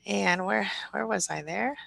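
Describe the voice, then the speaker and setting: Fast, gravelly-voiced woman streaming live. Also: medium pitch, no echo, low-quality recording. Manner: quick, warm-hearted talk with restarts and fillers. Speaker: live-stream host and recovery coach. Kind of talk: casual live-stream chat, reading viewer comments.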